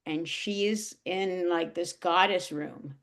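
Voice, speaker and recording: Slow, gravelly woman telling a personal story. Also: on the low side. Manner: emotional, halting, many restarts and fillers. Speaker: guest.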